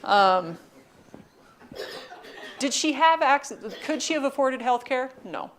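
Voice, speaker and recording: A woman giving a lecture, telling funny anecdotes with wry, deadpan asides. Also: high voice, takes it slowly, a little hiss or hum. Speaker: university lecturer. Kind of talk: storytelling lecture.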